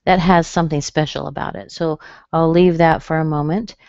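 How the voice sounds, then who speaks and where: A woman's voice: sits low, steady tone, a little mellow, smooth, dry recording. A woman teaching pronunciation in an online class, patiently saying words again and again. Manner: slow, patient, repeats words for drill. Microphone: computer mic. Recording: dull muffled webinar audio, dry.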